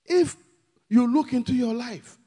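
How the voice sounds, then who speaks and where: A man with a Ghanaian accent preaching a sermon, pleading with the congregation and rising to shouted emphasis. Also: very high-pitched, measured pace, slightly rough, in a large hall.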